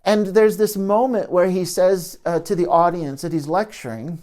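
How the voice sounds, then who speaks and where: Mellow-voiced reflective male therapist. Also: high-pitched, fairly even intonation, moderate pace. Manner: reflective, searching for words. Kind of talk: educational talk to camera.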